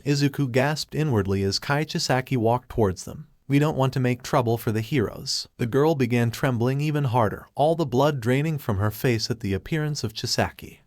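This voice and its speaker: Dry, steady male story narrator. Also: mid-range voice, dry recording. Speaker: fan fiction reader. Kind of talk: narrating a fan fiction story.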